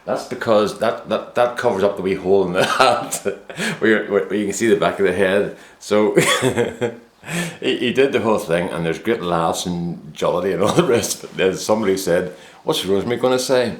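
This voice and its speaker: A man's voice: low-pitched, normal speed. A man, telling a rambling, self-mocking story to camera in a casual vlog. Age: 50s. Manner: easygoing, rambling, self-mocking anecdote teller. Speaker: vlogger. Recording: roomy echo.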